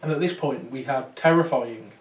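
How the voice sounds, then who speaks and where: At a talk venue with a small audience, a male paranormal investigator spins a chatty yarn, stumbling into restarts and fillers. His mid-range voice moves at a normal speed, and the sound is distant and roomy.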